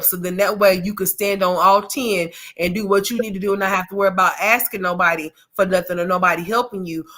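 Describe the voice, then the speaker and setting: A woman's voice: mid-range voice, fairly bright tone. A woman hosting a casual livestream, talking in a folksy way and calling people honey and sweetheart. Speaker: livestream host. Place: home, camera off.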